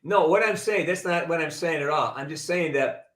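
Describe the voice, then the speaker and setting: A man's voice: on the high side, moderate pace, a bit bright. A man hosting a livestream chat, teasing his guest and laughing as he chides him. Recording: echoey room.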